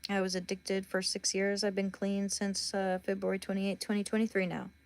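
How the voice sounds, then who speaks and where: Woman livestreamer, blunt and chatty, mid-pitched voice, talks right to her viewers. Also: completely flat delivery, moderate pace. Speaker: livestream host. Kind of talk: casual livestream chat.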